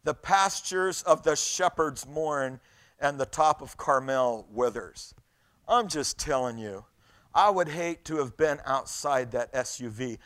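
A middle-aged man preaching a sermon, reading scripture aloud and telling stories in an animated way, often repeating his words. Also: mid-range voice, measured pace. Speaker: pastor.

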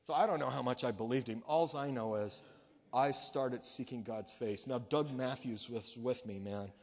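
During his sermon, a pastor speaks at medium pitch and a moderate pace, recounting a story in a chatty style with frequent restarts. His voice rings out with the long reverb of a big hall.

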